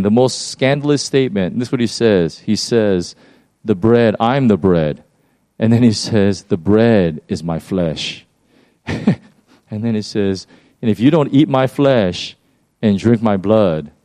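A man preaching a casual, conversational sermon as pastor, animated and prone to restarting his phrases. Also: fairly low pitch, dry recording.

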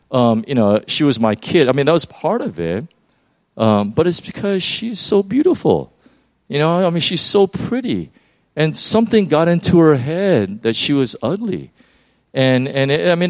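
A middle-aged pastor preaching in a loose, conversational way at a middle pitch. He stumbles through restarts and fillers and slips into quoted voices as he goes. The sound is dry and close, with no room echo. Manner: rambling, many fillers and restarts, acts out quotes. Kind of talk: conversational sermon.

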